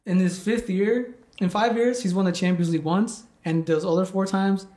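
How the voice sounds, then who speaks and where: Young guy, bit higher voice, rambling story, says like constantly, swears a lot. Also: fairly even intonation, normal speed, mellow. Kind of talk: casual chat.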